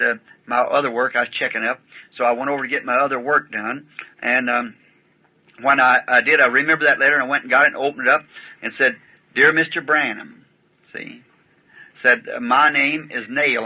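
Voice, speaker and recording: A man preaching and telling a story with homespun, rustic grammar. His voice is piercingly bright and tense, with a husky rasp. It comes through a dull, muffled, lo-fi archival recording. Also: mid-range voice. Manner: folksy plain-spoken telling with rustic grammar. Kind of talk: sermon storytelling.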